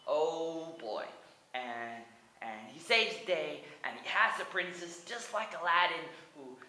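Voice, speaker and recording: Twenty-something american, rambly comic retelling, keeps restarting, sharp bright tone. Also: medium pitch, animated, unhurried, reverberant, poor audio. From United States. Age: 20s. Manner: rambling, stammering restarts, many likes, breaks into song.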